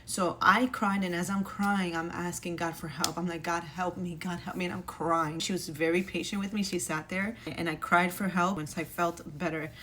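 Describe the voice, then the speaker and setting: A woman's voice: lowish voice, steady tone, moderate pace, few pauses, sharp tone, a little hiss or hum. A woman, a single mom, telling an earnest and emotional faith testimony in a casual way, with many restarts.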